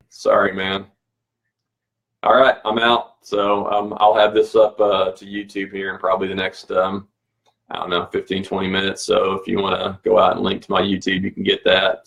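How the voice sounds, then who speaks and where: A man's voice: sits low, vocal fry, breathy edge. A man hosting a weekly cycling update livestream, talking in a casual, rambling, easygoing way and chuckling now and then.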